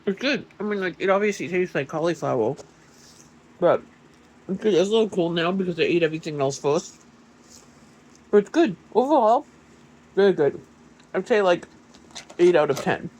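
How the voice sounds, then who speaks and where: A vlogger chatting casually on camera at home in a kitchen, excitable and full of fillers, sometimes eating while talking. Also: medium pitch, normal speed, pauses often. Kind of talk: casual chat and on-camera food tasting.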